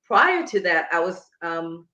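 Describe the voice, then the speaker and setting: A woman's voice: on the low side, sing-song, slow pace, sharp tone, highs cut off. A woman who coaches Pilates and breathing, explaining emphatically in a conversational interview. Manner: emphatic, instructive, demonstrating as she explains. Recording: echoey room.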